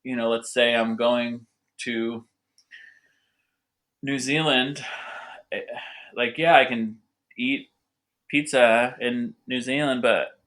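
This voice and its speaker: A man's voice: medium pitch, fairly even intonation, slow pace, long pauses, a bit bright. A young adult man being interviewed as a winemaker, talking eagerly and rambling with lots of fillers. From North America. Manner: enthusiastic, rambling with many fillers. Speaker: winemaker guest. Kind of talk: casual conversational interview.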